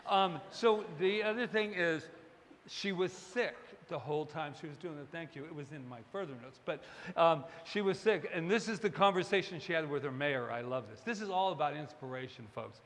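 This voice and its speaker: A man preaching a sermon as minister, animated and digressive, with joking asides to the congregation. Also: a little high, normal speed, in a large hall. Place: church service hall.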